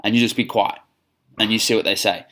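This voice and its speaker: A man's voice: on the low side, fairly even intonation, a little fast, a bit bright. An Australian man coaching gym staff on phone sales, upbeat, acting out both sides of the calls. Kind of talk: instructional talk on phone sales.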